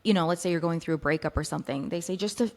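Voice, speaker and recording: A woman with a fairly low voice talks casually as a podcast co-host. She is reflective and offers sayings and gentle advice, with plenty of "like" fillers. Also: rapid-fire. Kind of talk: casual chat.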